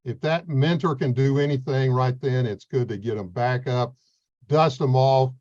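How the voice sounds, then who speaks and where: A man's voice: mid-range voice, darkish tone. Earnest guy explaining mentoring, plain talk, lots of uh's, kinda muffled lo-fi audio. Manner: earnest, plain-spoken, pauses with fillers. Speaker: veterans court mentor coordinator. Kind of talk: explanatory interview answers. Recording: slightly dull, lo-fi sound.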